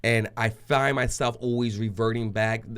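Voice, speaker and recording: A man in a casual interview who tells a story with lots of energy. He laughs often and jumps into the voices of the people in it. His voice sits at an ordinary middle pitch. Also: fairly even intonation, normal speed, a bit bright, clean tone. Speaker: interview guest.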